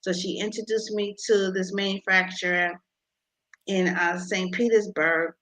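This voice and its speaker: A woman being interviewed about her invention, talking with many pauses and restarts. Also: mid-range voice, fairly even intonation, a bit bright, rough recording. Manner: halting, many ums and restarts. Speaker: inventor guest.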